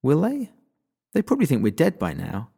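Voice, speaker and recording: A stubborn, impulsive teenage girl with a voice pushed well up into a high, breathless register, as a male narrator puts her on. She blurts her words out in quick exclamations. Her tone stays lively and swings from line to line. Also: gravelly, husky, full character voice. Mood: exasperated.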